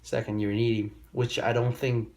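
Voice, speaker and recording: A man's voice: mid-range voice, little pitch movement, normal speed, darkish tone. A young man vlogging dating advice in a loose, rambling, profane storytelling manner with loose grammar. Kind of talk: casual storytelling monologue.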